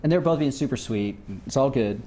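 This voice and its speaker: Give me a mellow, warm-voiced man telling casual, rambling stories in an interview. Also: medium pitch, lively intonation, fast, slight background noise. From Southern United States. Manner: rambling, loose, lots of "you know" and "like". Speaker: interview guest, former musician. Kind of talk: casual storytelling.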